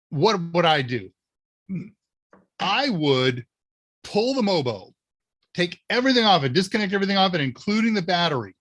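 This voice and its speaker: Chatty man hosting a live tech Q&A. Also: on the high side. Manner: relaxed, chatty, answers viewer questions. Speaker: livestream Q&A host. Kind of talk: casual live Q&A.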